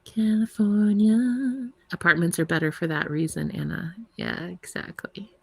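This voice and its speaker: A woman's voice: lowish voice, fairly even intonation, a little slow, creaky, darkish tone, slightly rough. A young American woman, a tarot reader, chatting casually and giggling with her live viewers, rambling with lots of "like". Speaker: tarot reader livestream host.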